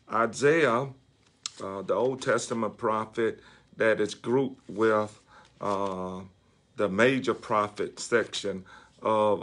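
Bishop guy preaching, real slow, lots of uhs, says stuff twice. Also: fairly low pitch, fairly bright tone. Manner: slow and deliberate, many uh fillers, repeats key phrases. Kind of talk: devotional sermon.

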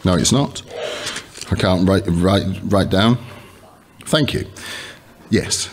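A man's voice: low-pitched, slow, slight background noise. A man preaching a sermon in a conversational way, with fillers and restarts, and reading scripture aloud with emphasis.

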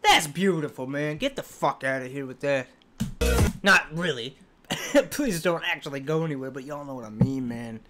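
A man's voice: a little high, animated, moderate pace, bright, forceful tone. A man hosting a music reaction video, talking in a casual, profane, rambling and heartfelt way, emotional as he speaks.

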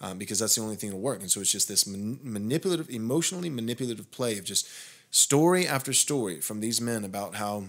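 A man's voice: fairly low pitch, lively intonation, fast talker. Man telling a heated story on a podcast. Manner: rambling storytelling with frequent restarts and fillers; grows heated and emphatic. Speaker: pastor and podcast host. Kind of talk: conversational podcast discussion.

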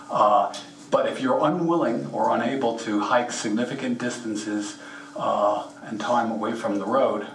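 A man talks through a slide presentation in a plainspoken, folksy way, speaking straight to the audience. His voice sits at an ordinary middle pitch. The room is echoey, and he stands well back from the microphone. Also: far from the mic. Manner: plainspoken, folksy, gives practical advice directly. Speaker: presenter at a mineral show. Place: meeting room at a rock and mineral show.

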